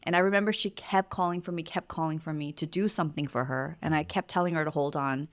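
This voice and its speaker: A woman's voice: deep voice, steady tone, fast. A woman in her thirties co-hosting a podcast, telling a family story in a candid, reflective casual chat. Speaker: podcast co-host.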